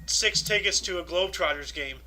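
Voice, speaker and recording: Bright-voiced rambling man with a Californian accent. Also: high voice, fairly quick, low-quality recording. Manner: rambling, filler-heavy, offhand. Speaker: podcast host. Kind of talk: casual chat, reading history dates.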